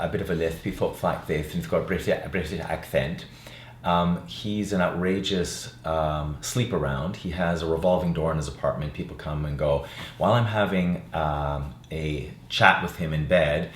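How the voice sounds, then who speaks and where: An older man, an actor and playwright, talking about his one-man play in a relaxed, reflective way with frequent fillers. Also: a bass voice, a little hiss or hum. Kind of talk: interview chat. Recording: roomy sound with faint ambience.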